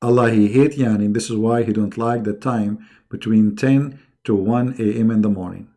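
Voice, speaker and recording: A man hosting a livestream, talking casually with a mocking, sarcastic, animated manner. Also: lowish voice, normal speed. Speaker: livestream host.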